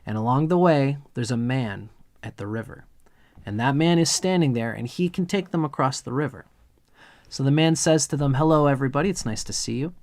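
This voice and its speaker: A man's voice: medium pitch, lively intonation, normal speed, a little mellow, no room sound. A man giving a live astrology chart reading, earnest and meandering, drifting into storytelling.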